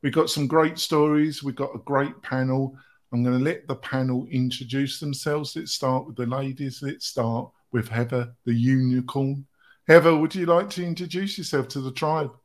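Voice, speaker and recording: A man's voice: mid-range voice, steady tone, normal speed. A man hosting a round-table podcast over a video call, jovial, laughing often and stumbling over fillers. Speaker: host.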